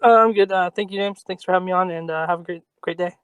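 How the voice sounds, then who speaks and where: A man's voice: sits high, fairly even intonation, quick pace, a bit bright, clean tone, no room sound, highs cut off. A man calling in to a podcast, talking casually and hesitantly with fillers and light laughs. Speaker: caller. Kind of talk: casual chat on a call-in show.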